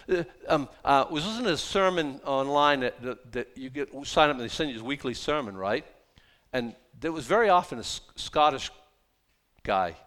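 Animated, lively-pitched male preacher. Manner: animated, conversational preaching with sudden loud bursts; reads scripture slowly, then paraphrases casually. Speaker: pastor. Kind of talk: sermon.

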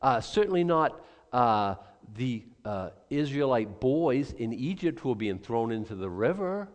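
A man's voice: mid-range voice, very animated, a little slow. An older man preaching a sermon, emphatic, acting out quoted voices and restarting his sentences often. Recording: long reverb of a large hall.

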